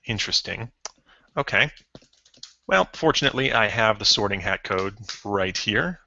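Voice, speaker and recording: A man's voice: fairly low pitch, animated, normal speed, vocal fry, pushed and bright, slight background noise. A man talking through a live coding session, thinking aloud with frequent ums, self-corrections and the odd chuckle. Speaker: programmer streaming a coding session. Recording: dull lo-fi stream audio.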